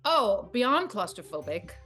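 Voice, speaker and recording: A woman's voice: medium pitch, very animated, unhurried, pushed and bright, faint music behind. A woman chatting in a casual interview, rambling and laughing through a story. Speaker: actress in interview.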